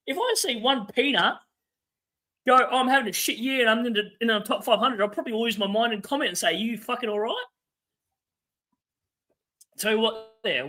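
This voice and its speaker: A man's voice: high voice, sharp tone. A young Australian man hosting a fantasy football livestream, ranting and swearing in a casual chat with asides to his viewers. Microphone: webcam setup.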